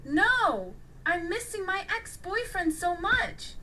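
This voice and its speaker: A woman's voice: very high voice, lively intonation, slow, sharp tone, recorded from a distance, a little hiss or hum, voice pushed up, heavily acted. A woman voicing a heartbroken teenage girl. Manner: tearful and pleading.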